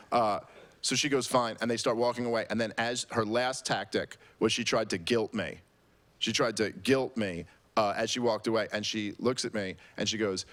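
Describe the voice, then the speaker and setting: A man in his thirties telling a comic story to a live audience, animated and building to loud, exasperated rants. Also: mid-range voice, a little fast. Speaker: speaker telling a story on stage.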